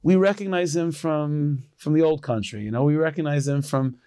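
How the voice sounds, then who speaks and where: A man, a rabbi, telling a folk tale in a relaxed, conversational way, often restarting and repeating words. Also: a little high, moderate pace, smooth, no room sound. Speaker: storyteller rabbi. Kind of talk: storytelling.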